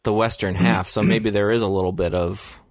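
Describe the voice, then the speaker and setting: Man, podcast co-host, lowish voice, relaxed and agreeable, dry close recording. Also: dry recording. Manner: easygoing, quick to laugh and agree. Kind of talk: casual chat.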